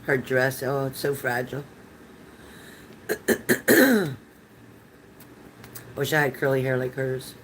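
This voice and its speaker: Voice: mid-range voice, lively intonation, takes it slowly, long pauses, fairly bright tone, slight background noise, low-quality recording. An older tarot reader giving live readings to chat viewers in a chatty, rambling, reassuring manner.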